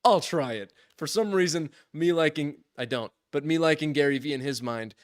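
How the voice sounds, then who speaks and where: Brief: young male podcast co-host, slightly high voice, animated storyteller who acts out quotes, dry close mic. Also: moderate pace, no room sound. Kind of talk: casual storytelling.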